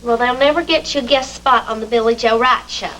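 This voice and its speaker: A teasing, high-voiced woman. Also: fairly quick, slight background noise, poor audio. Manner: teasing, warm-hearted. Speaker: office worker closing up. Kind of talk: 1980s TV soap acting.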